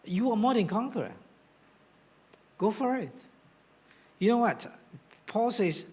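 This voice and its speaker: A man preaching a sermon as pastor, swinging from hushed whispers to rousing shouts. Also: sits high, lively intonation, normal speed, long pauses, slightly rough. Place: church hall.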